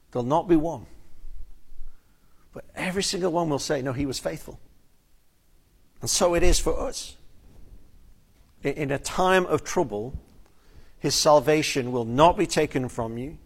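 An earnest male preacher delivers a sermon with a slightly raised pitch. He leans hard on key phrases, drawing them out slowly, and now and then repeats a word as he presses his point. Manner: earnest, emphatic, with slow drawn-out stresses and repeated words. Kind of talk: expository sermon.

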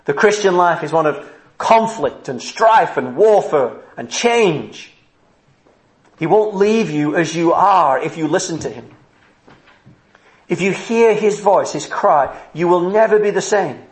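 A man's voice: high-pitched, lively intonation, measured pace. A man preaching a sermon at a church service, earnest and driving his points home with rhetorical questions. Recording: roomy echo.

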